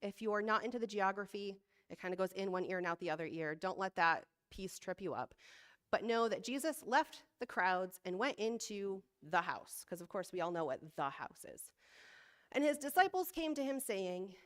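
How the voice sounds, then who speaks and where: Woman service leader preaching in a relaxed, chatty way, quick to laugh at herself, measured when reading scripture. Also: mid-range voice. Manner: conversational, self-deprecating, laughs often. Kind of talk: sermon.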